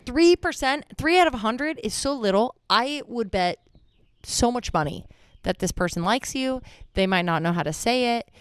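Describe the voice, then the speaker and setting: A woman's voice: on the high side, animated, moderate pace, smooth, no room sound. Playful young woman podcast co-host. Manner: playful and jokey, gives confident advice. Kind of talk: casual chat.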